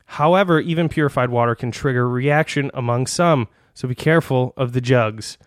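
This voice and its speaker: A man's voice: medium pitch, moderate pace, no echo, studio quality. Rambling man riffing as a joke doctor. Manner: rambling, laughing, with frequent restarts. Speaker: comedy podcast host. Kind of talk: comedic bit, reading a fake doctor's diagnoses.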